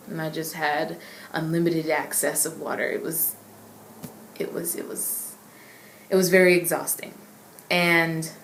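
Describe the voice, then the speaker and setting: A young adult woman earnestly recounting a personal faith testimony, emotional and halting, with frequent repeats. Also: low-pitched, a little hiss or hum. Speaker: inspirational vlogger. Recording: echoey room with faint ambience.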